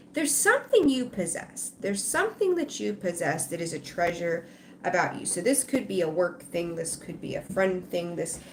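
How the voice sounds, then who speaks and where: A woman's voice: fairly low pitch, slight background noise. A woman giving a live-streamed tarot reading, rambling conversationally and talking straight to her viewers. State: tired, yawning. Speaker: tarot reader.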